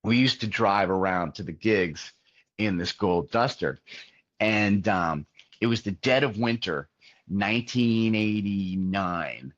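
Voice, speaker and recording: Male interview guest, fifties, low-pitched, loose storyteller, dull and dry audio. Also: expressive, slow, fairly bright tone, dry recording. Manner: rambling, many fillers and restarts. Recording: dull, muffled sound, dry.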